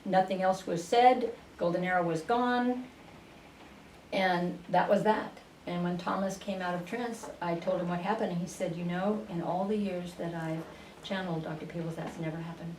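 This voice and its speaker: Unhurried woman telling her story. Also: lowish voice, steady tone, darkish tone. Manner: unhurried, with frequent fillers and restarts. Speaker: interview guest, spiritual channeler. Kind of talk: storytelling in a radio interview. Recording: roomy, distant radio studio sound with faint noise.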